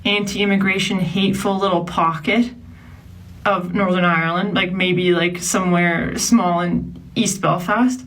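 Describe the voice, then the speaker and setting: A young woman from Canada ranting in a casual vlog, animated and full of "like" fillers. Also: mid-range voice, far from the mic, rough recording.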